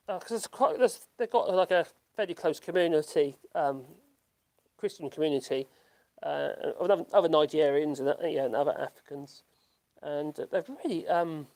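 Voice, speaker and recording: An older man with a Norfolk accent, hosting a casual livestream and reading chat comments in a rambling, halting way full of ums and laughs. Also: on the high side, darkish tone. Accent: Norfolk English. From Norfolk, England.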